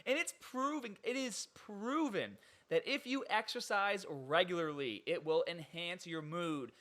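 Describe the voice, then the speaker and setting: A young man hosting a podcast, talking in an animated, incredulous way and laughing often. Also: sits high, a little slow. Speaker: podcast host. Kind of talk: casual podcast chat.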